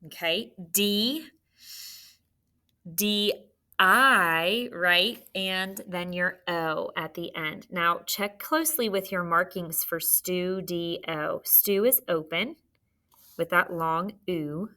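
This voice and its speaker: A woman teacher giving a spelling lesson to children, patient and clear, sounding words out slowly. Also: fairly low pitch, bright, forceful tone.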